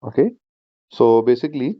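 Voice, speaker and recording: A man teaching an online speaking-skills class, explaining each point slowly and repeating himself, with plenty of fillers like "you know". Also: mid-range voice, animated, no room sound, dull audio. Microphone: shared screen video class.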